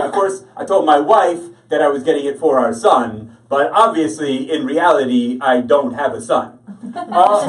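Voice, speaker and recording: A man doing a stand-up comedy set in a deadpan, rambling way, full of fillers and restarts, heard from away from the mic. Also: a little high. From Canada. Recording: voice from far off the mic.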